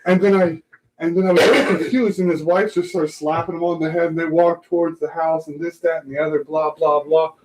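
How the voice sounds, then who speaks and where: A man's voice: a little high, brisk, low-quality recording. A man hosting a casual live talk show, telling a long anecdote and acting out the voices of people in it. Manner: animated anecdote teller, acts out quoted voices. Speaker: podcast host. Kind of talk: casual chat, storytelling.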